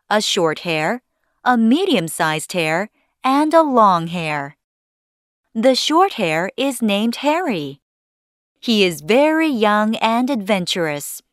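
A woman narrating a children's story slowly in short, clearly spaced sentences. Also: medium pitch, dry recording, clean studio sound.

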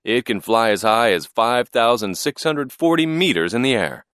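A man's voice: mid-range voice, expressive, normal speed, a bit bright, clean tone, dry recording, clean studio sound, lightly acted. A man voicing a friendly male pilot who explains his plane.

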